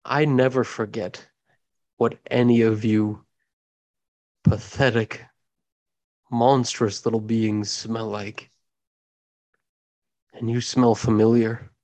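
In a slow, measured voice, a cold and ancient dragon queen, as a man puts her on for his tabletop game, delivers scornful threats to the creatures beneath her. Every word is drawn out and heavy with contempt. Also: on the low side, flat delivery, a little mellow. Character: ancient scornful female dragon, coldly menacing.

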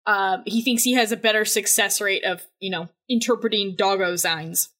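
A woman's voice: mid-range voice, fairly even intonation, moderate pace, bright, forceful tone. A woman playing a tabletop game, describing her character's actions matter-of-factly. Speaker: player.

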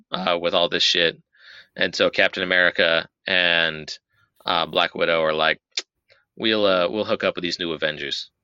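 Young male podcast host, bright and crisp, profane and rambling, dry lo-fi sound. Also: low voice, no room sound. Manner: rambling, profane, acts out characters in quick voices. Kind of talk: casual movie recap chat.

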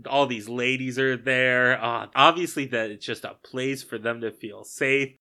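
A man's voice: medium pitch, fairly even intonation, measured pace, pushed and bright. A man co-hosting a casual podcast, animatedly recapping a movie with incredulous asides. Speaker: podcast co-host.

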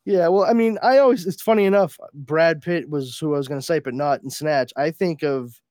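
A man co-hosting a podcast in casual chat, telling stories with a lot of swearing and quick put-on voices. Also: a little high, darkish tone, no echo, clean studio sound. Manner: chatty storyteller, swears, puts on voices in anecdotes. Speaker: podcast co-host.

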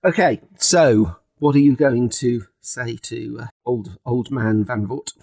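A woman's voice: very deep voice, slow pace, no room sound. A British woman running a tabletop game as game master, narrating with wry humour. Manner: wry, chuckling, lively narration.

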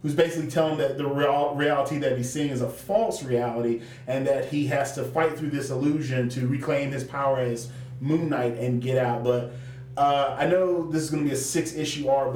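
A man's voice: medium pitch, steady tone, brisk, darkish tone, far from the mic. A man co-hosting a casual comic book podcast, rambling with lots of fillers and restarts. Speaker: podcast co-host. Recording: echoey room, off-mic, faint noise.

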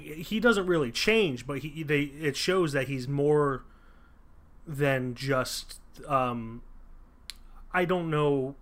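A man's voice: mid-range voice, fairly bright tone. A man co-hosting a casual film review chat, thoughtful and loose, with plenty of fillers and restarts. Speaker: podcast co-host reviewing a film.

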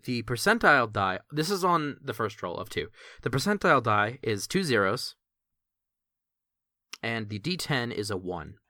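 A man's voice: mid-range voice, sing-song, moderate pace, pushed and bright, dry recording, clean studio sound. A man narrating as game master in a tabletop game, in a casual rambling way.

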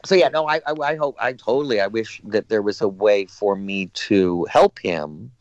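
A man's voice: lowish voice, normal speed, no echo, dull audio. Rambling storyteller man on a call. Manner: rambling, animated anecdotes with quoted voices. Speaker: guest actor. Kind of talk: casual interview storytelling. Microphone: remote call.

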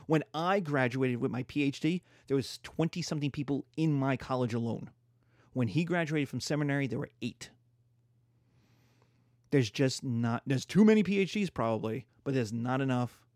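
A man giving a casual history lecture, animated and jokey, acting out quotes as he goes. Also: medium pitch, dry recording, studio quality. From United States.

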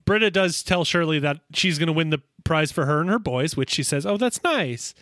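A man with a somewhat high, bright voice jumps around his range as he reacts to an episode recap. He laughs easily and throws in quick comments. His voice is recorded close and dry. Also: dry recording. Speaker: podcast co-host. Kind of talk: casual episode recap chat.

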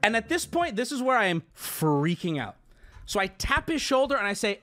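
A man's voice: high voice, very animated, normal speed, fairly bright tone. A man livestreaming, telling a story to his chat in an exaggerated way, swearing and laughing as he goes. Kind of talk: animated storytelling to a live chat.

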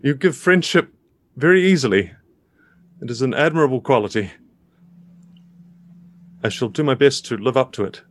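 A man's voice: mid-range voice, expressive, dry recording, lightly acted. A man doing a formal, reserved young man. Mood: moved. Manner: formal and measured.

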